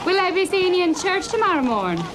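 A woman playing a prim churchgoing woman in a clip, with noise clearly heard behind. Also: extremely high pitch, very animated, fast.

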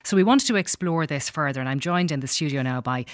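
A woman presenting a radio interview, brisk and amused. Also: low-pitched, lively intonation, dry recording.

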